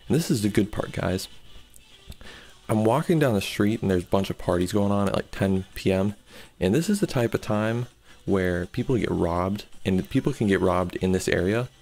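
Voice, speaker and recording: Gravelly young man telling a story. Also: sits low. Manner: excitable, quoting with "I'm like". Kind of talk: casual storytelling.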